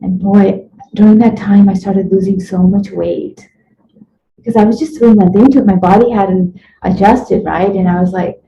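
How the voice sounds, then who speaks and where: A woman's voice: medium pitch, moderate pace, gravelly, slight background noise. Woman telling a rambling personal story. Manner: rambling, animated retelling with acted-out quotes. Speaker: interviewee. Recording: echoey room, dull lo-fi sound.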